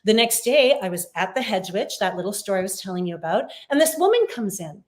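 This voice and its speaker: A woman's voice: mid-range voice, big pitch swings, brisk. A woman, a psychic medium, talking casually in an interview over a video call and telling stories with plenty of fillers. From Canada. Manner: chatty, warm storytelling with many fillers.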